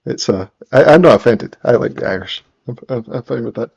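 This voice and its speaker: A man's voice: medium pitch, a little fast, vocal fry, darkish tone, slightly rough, highs cut off. A man with a mild Scottish accent, chatting casually and rambling as he hosts a live stream while setting up music gear. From Scotland. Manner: chatty, rambling, frequent restarts. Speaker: livestream host. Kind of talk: casual chat while working.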